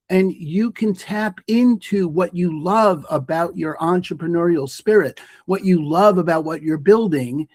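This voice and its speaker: Emphatic guy talking mindfulness on a podcast, kinda high voice, dry close mic. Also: darkish tone, no echo. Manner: emphatic, storytelling, repeats phrases for effect. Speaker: guest, mindfulness teacher and author. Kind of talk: podcast interview.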